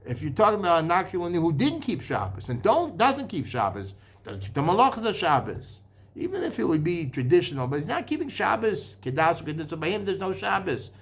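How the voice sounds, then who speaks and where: A man's voice: high voice, sing-song, a little fast, fairly bright tone. A man giving a Torah lecture in English full of Hebrew and Aramaic terms, often restarting and repeating words as he works through the sources. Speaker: Torah teacher. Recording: dull lo-fi podcast recording.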